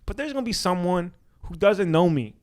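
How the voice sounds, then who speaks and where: A young man co-hosting a podcast in casual, joking chat, full of quick restarts. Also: sits high, animated, darkish tone. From Washington D.C. area. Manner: hyped, joking, talks fast with restarts. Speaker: podcast co-host.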